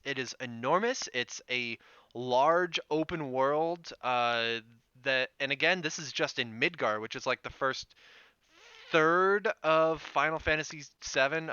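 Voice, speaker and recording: Male podcast co-host, bright and smooth, chatty and quick, a bit stuffy from a cold, dry remote mic. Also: medium pitch, no room sound. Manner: chatty, lively, quick bursts. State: head cold. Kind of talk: casual chat. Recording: dry, slightly dull remote stream.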